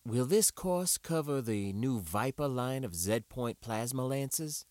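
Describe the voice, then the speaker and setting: A man's voice: mid-range voice, lively intonation, slow, darkish tone, dry recording. A man reading an audiobook and voicing an older, heavy-set female student who asks direct, matter-of-fact questions. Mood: curious. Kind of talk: audiobook character voice.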